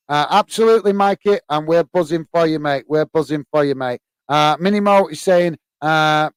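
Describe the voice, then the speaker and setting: Hosting a live football stream, this man from England reads out fan comments, filling gaps with lots of fillers and answering warmly with "mate." He speaks a little high and steadily, at a measured pace broken by long pauses. The sound is clean, with no echo.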